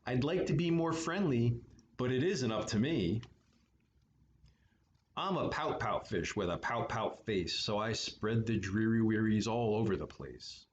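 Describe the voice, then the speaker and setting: Brief: man voicing a mopey storybook fish, low and slow, sing-song gloom. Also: lively intonation, roomy sound, muffled recording, a little hiss or hum. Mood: glum. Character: glum gloomy male pout pout fish.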